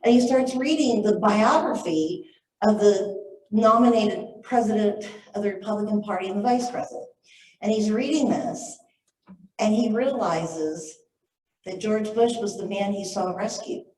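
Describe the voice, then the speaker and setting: A woman's voice: mid-range voice, measured pace, distant mic. Woman telling a story in an echoey room. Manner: lively anecdotal storytelling, acts out quoted voices. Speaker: author and speaker. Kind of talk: storytelling talk to a live audience. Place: library event room. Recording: echoey room, voice picked up from afar.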